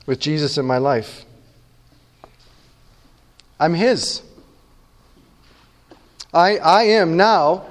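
A pastor giving a conversational sermon, often checking in with the room with quick questions. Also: male voice, on the high side, long reverb tail.

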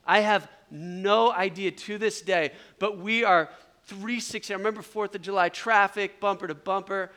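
A middle-aged male preacher with a high, bright voice tells a story to his retreat audience. He is animated and lively, and he acts out the people in the story as he goes. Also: moderate pace. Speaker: retreat speaker. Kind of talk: storytelling sermon.

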